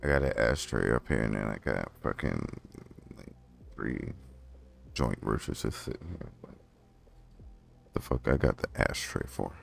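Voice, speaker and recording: A young man with a very deep, gravelly voice rambles on while he plays a game on stream. His talk is profane and loose, and his pitch swings a lot as he chats to himself. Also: animated, unhurried, long pauses. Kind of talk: casual livestream chat while playing a game.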